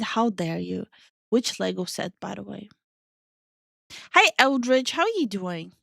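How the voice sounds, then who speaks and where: A woman's voice: medium pitch, lively intonation, slow pace, creaky, long pauses, fairly bright tone, no echo, studio quality. A young woman streaming live, chatting casually with her viewers and reading their messages aloud. She is playful, laughs often and swears offhandedly. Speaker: streamer and VTuber host.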